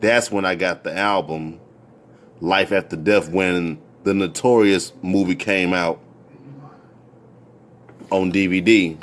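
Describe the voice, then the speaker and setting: A man's voice: takes it slowly, pauses often, a little hiss or hum. A man in his thirties telling a personal story in a casual, rambling way, repeating himself and restarting his sentences. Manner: rambling, repeats words and restarts, jumps into high excited voices when quoting.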